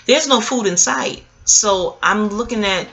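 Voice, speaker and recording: A woman, telling a personal story in a casual vlog. She talks in an animated, profane, slangy way. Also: a little slow. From Queens, New York. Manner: animated, profane, street slang, jumps up in pitch for quoted voices. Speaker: vlogger.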